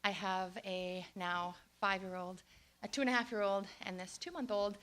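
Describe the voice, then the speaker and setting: A woman in her thirties telling a candid, lively personal story and acting out her own reactions. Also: medium pitch, moderate pace.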